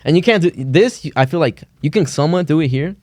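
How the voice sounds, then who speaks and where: A man co-hosting a podcast, telling stories in an animated, slangy way and acting out quotes. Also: a little high, quick pace, no room sound, studio quality. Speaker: podcast co-host. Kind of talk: casual storytelling chat.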